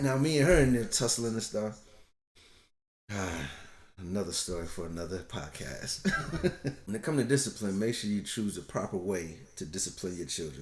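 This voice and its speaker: Middle-aged father, podcast co-host, animated storyteller, roomy sound. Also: lowish voice, normal speed. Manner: animated, laughing storyteller acting out voices. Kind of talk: casual storytelling chat.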